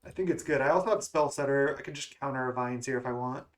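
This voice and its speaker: A man's voice: mid-range voice, fast. Man thinking aloud over a card game. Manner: musing, self-questioning strategy talk. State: has the hiccups. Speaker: gaming content creator.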